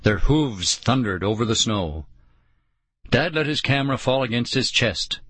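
Male audiobook narrator, measured and unhurried; dry, close sound. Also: mid-range voice, animated, a bit bright, slightly rough, dry recording. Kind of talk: scripted first-person narration.

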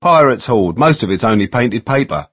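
Man voicing a cynical shop steward, brisk, challenging, storybook. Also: medium pitch, lively intonation, a bit bright, husky, no echo.

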